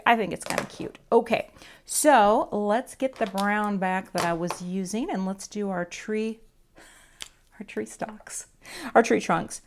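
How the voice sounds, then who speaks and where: A woman teaching card coloring in a casual, chatty talk-through, self-deprecating and muttering to herself as she works. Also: mid-range voice. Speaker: craft teacher.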